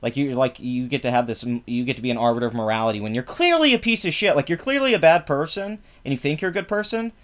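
A man's voice: quick pace, hardly any pauses. A man ranting in a mocking, profane commentary, reacting to posts online. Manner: mocking, profane, loud swings in pitch. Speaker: political commentary vlogger.

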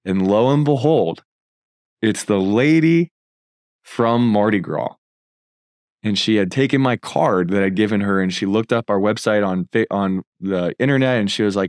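A man's voice: on the low side, moderate pace, darkish tone, no echo, clean studio sound. A man in his thirties sharing a personal faith testimony, earnest and fervent as he tells his story and turns to an appeal. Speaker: filmmaker and content creator.

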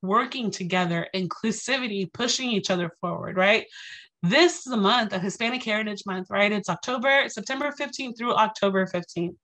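A woman's voice: medium pitch, fairly quick. A woman from Texas giving a storytelling lecture to a live audience, acting out quoted lines and speaking to the crowd directly. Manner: animated, acts out quotes, addresses audience directly. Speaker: guest speaker.

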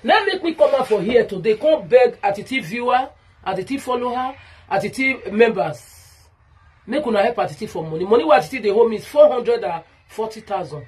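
A woman's voice: on the high side, expressive, brisk, a little mellow, slightly rough. A Nigerian woman ranting straight to camera in an aggrieved, repetitive way, calling out a rival directly. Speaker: vlogger. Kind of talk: direct-to-camera rant video.

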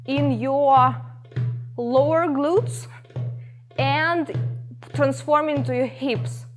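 A woman teaching a belly dance class, giving calm step-by-step coaching cues and counting the moves. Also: high voice, very slow, music in the background. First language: Ukrainian. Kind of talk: guided dance class instruction.

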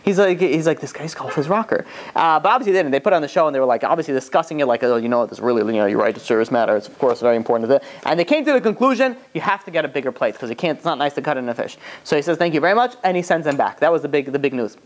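Quick rabbi guy telling an old story, lots of "you know", acts out the lines. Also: on the high side. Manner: lively retelling that acts out the characters' quoted lines; loose and conversational, often saying "you know". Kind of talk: storytelling lecture.

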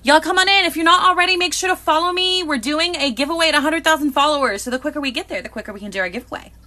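Bubbly high-pitched woman. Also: very fast. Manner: excitable, bubbly, greets viewers by name. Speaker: live-stream host. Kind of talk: live unboxing chat with viewers.

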